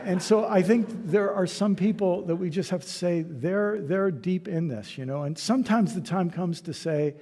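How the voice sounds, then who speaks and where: A man speaking as a guest lecturer, answering questions and telling stories in a relaxed, conversational way in a church hall. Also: high-pitched, normal speed, hardly any pauses, husky. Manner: conversational storytelling, soft trailing endings. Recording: hall reverb.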